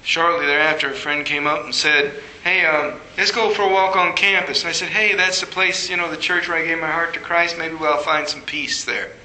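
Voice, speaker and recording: A man preaching a sermon, telling a personal story and jumping higher in pitch when he acts out his younger self. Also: steady tone, brisk, few pauses, bright, forceful tone, echoey room, rough recording. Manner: storytelling, rising high when acting out his past self.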